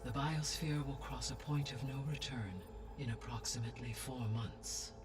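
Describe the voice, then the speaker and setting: A composed female artificial intelligence from a video game, lays out facts with measured, formal precision. Her voice comes from a distance, as if it were game audio playing in the room. A clear music score runs beneath her. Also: rumbling low. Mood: grave. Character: calm female artificial intelligence overseeing Earth. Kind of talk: video game cutscene dialogue.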